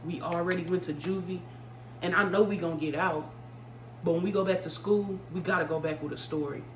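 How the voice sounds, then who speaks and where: A woman voicing her teenage girl friend, who is scheming and unbothered, in a low, quiet, matter-of-fact way. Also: fairly even intonation, fairly quick, roomy sound, recorded from a distance, slight background noise, natural voice. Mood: casual.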